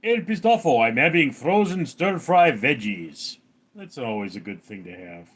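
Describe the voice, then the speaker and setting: A man's voice: medium pitch, big pitch swings, moderate pace, breathy edge. Chatty man answering a livestream chat. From Los Angeles, California. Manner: rambling, chatty, reads out and answers viewer comments. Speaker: livestream host reading chat. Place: outdoors at night.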